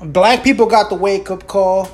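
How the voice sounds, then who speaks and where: A woman's voice: mid-range voice, normal speed, darkish tone. A woman hosting a solo podcast, ranting with heavy swearing, sarcasm and constant rhetorical asides. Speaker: podcast host.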